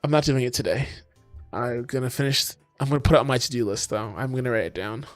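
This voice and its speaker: A man's voice: medium pitch, quick pace, dry recording, faint music behind. A man streaming his game coding in casual talk, exasperated, swearing often and talking to his chat.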